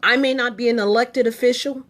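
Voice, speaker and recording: A woman's voice: on the high side, steady tone, fairly quick, fairly bright tone. A middle-aged woman and military veteran delivering an indignant political monologue to the camera, with short, emphatic, repeated statements.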